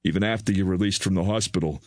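Give me a soft-spoken, kindly older doctor, played by a man, with a deep, low voice. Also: fast talker, no echo, clean studio sound, lightly acted. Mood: grave, measured.

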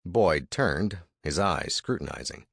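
A man's voice: deep voice, expressive, takes it slowly, gravelly, fairly bright tone, slightly rough, no echo, clean studio sound. A man reading a first-person historical story as narrator, with dramatic, vivid storytelling.

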